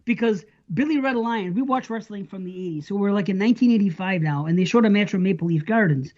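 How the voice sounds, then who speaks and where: A man's voice: high voice, fast talker, a little mellow. Rambling American man on lo-fi audio. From United States. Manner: rambling storyteller, chuckles often. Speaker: podcast host. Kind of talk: casual chat.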